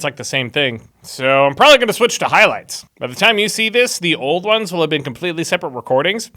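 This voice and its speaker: A man's voice: fairly high pitch, pushed and bright. A man reading a Bible chapter aloud and cracking sarcastic jokes between the verses. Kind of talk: casual reading with commentary.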